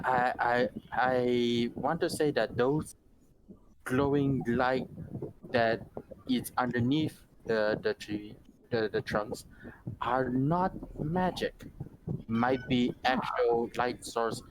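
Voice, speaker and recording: A man plays his characters in an online tabletop session. He talks slowly and haltingly, often restarting mid-sentence. There is a clear hiss of noise under his voice on the call. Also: medium pitch. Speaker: player. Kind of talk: casual tabletop game play.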